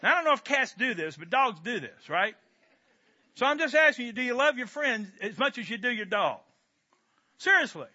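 High bright-voiced male preacher. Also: moderate pace. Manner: animated, joking, conversational. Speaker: pastor. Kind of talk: sermon. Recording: dull lo-fi recording.

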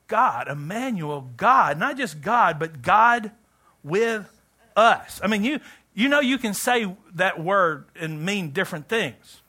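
A middle-aged male pastor preaching a sermon, animated and joking, swinging between loud outbursts and hushed asides. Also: sits high.

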